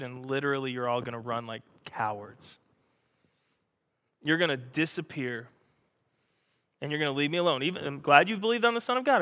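A male pastor preaching a sermon, animated and joking, acting out the scripture he reads. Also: fairly high pitch, big-room sound.

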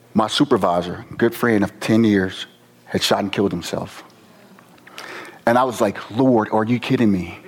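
A man from Virginia, a former police officer, giving an earnest, emotional personal testimony with slow pauses. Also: medium pitch, breathy edge. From Virginia, USA.

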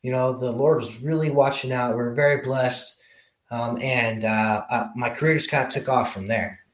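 A man's voice: mid-range voice, normal speed. Man telling stories in a roomy echo. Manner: animated storyteller, many restarts. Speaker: helicopter pilot guest. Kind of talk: casual interview storytelling.

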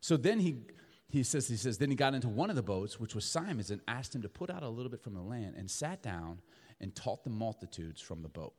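A man preaches a sermon with a lively, rising and falling voice, acting out the people in his story. His voice carries a long reverb from the church hall around him. His pitch sits in the middle range. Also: brisk. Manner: animated, acts out voices of Peter and Jesus. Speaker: pastor.

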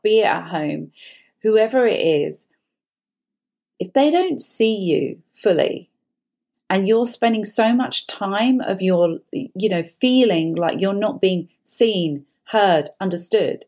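A woman's voice: mid-range voice, a little mellow. A woman therapist giving earnest advice as a guest, building emphatic lists of repeated phrases.

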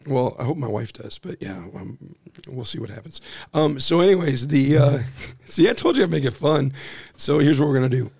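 A man in his forties with a hoarse, husky voice from overuse, co-hosting a casual church podcast in a small office with a joking, self-deprecating manner. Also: medium pitch, lively intonation, moderate pace, darkish tone, no echo. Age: 40s. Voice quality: gravelly, husky. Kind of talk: casual chat. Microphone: boom-arm studio mic.

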